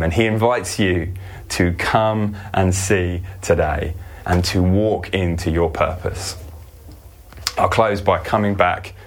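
A male preacher giving a sermon in an earnest manner, slowing down to stress scripture. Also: on the low side.

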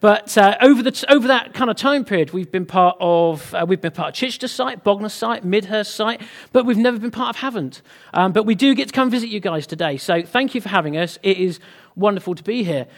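A man's voice: sits high, fairly quick. A British man preaching a sermon, telling a humorous personal story to the congregation in a chatty way. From Britain. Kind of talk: sermon with anecdote.

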